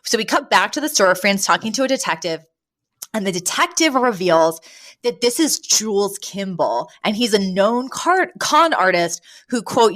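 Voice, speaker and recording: A woman co-hosting a chatty podcast recap, her voice sitting at an ordinary middle pitch. She talks in a lively, animated way, laughs often and slips into the characters' lines as she retells the scenes. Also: moderate pace. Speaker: podcast co-host. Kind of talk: casual recap chat.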